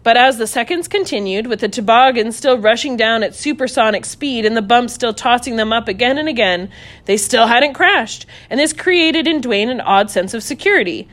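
A woman reading a children's story aloud, playful and animated, voicing sound effects as she goes. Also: fairly high pitch, normal speed.

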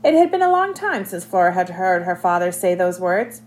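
Animated woman reading a children's book. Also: fairly low pitch, moderate pace. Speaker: audiobook narrator. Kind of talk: scripted narration.

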